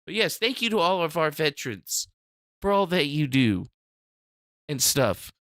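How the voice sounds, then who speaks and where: A man hosting a live stream, chatting casually and rambling, with profane loud outbursts and mumbled asides to the chat. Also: a little high, big pitch swings, a little slow, dry recording, clean studio sound. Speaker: livestream host.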